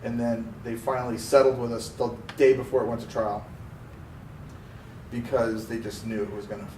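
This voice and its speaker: Male co-host from Pennsylvania, animated storyteller, recorded off-mic in a roomy space with faint noise. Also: mid-range voice, normal speed, distant mic. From Pennsylvania, USA. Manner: animated storyteller, acts out quoted voices. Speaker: podcast co-host. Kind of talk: casual storytelling chat.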